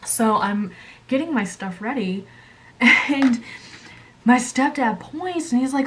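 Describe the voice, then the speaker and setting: A woman hosting her channel, telling a story casually while coloring, animated and chatty, jumping up in pitch when she acts out quotes. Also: a little slow. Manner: chatty, many fillers and asides. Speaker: channel host.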